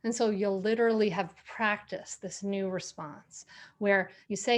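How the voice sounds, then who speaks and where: A woman coaching parents in a workshop talk, calm, with slow deep breaths between points.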